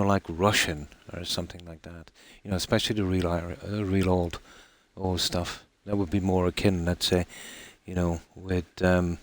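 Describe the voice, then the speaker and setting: An Irish man streaming a game live, chatting casually in a rambling way with many pauses and restarts. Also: deep voice. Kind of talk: casual live-stream chat while gaming.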